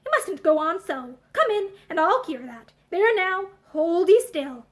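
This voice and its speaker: A woman voicing a stout, scolding middle-aged housekeeper with a loud, bustling manner. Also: extremely high pitch, very animated, unhurried, full character voice.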